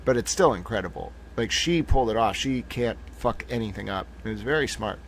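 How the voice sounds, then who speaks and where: A man's voice: on the low side, expressive, brisk, a little hiss or hum. A man in his thirties hosting a live stream, ranting in a heated, profane way. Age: 30s. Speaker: livestream host.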